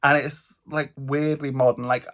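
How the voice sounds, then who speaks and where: A man from England with a British accent, recapping his solo trip in a chatty, animated vlog with a slightly stuffy nose. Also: medium pitch, measured pace. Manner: chatty, animated storytelling with lots of "like". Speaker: vlogger. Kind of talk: casual travel vlog recap.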